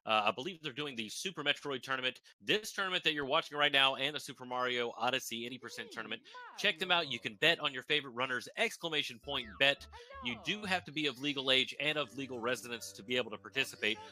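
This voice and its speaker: A man's voice: medium pitch, lively intonation, fast talker, pushed and bright. A man commentating a live speedrun race, upbeat and hyping up the viewers. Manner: upbeat, hype-building, talks to chat and runner.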